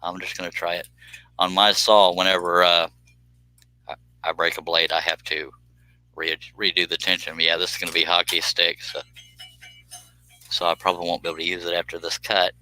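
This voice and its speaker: A man's voice: low voice, flat delivery, brisk, long pauses, sharp tone, dry recording, rough recording. A man hosting a casual live stream, chatting in a folksy, joking way while he cuts on a scroll saw in his workshop. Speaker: livestream host.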